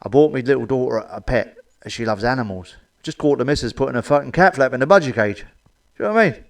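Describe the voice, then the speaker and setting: A middle-aged man reels off blunt, filthy one-liners, swearing freely. His voice sits at an ordinary middle pitch, and he chuckles at his own jokes. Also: expressive, fast talker. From England. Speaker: comedian. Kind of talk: stand-up joke telling to camera.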